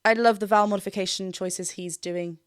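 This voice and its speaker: A woman's voice: medium pitch, steady tone, fairly quick, smooth, dry recording. A woman vocal coach giving an enthusiastic analysis in a reaction video, often laughing and breaking into short sung demonstrations. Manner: laughs often while explaining.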